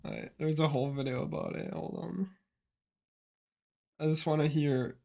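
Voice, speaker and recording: A man's voice: a little high, moderate pace, vocal fry, mellow. A man chatting casually on stream, bluntly reacting to clips and swearing now and then. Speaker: speedrun streamer.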